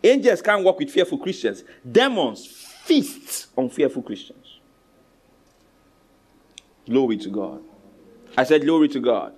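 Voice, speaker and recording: With a breathy edge, a measured pace and long pauses, a male pastor with a Nigerian accent gives a sermon. He is commanding and animated, switching between loud urging, quiet asides and call-and-response with his congregation.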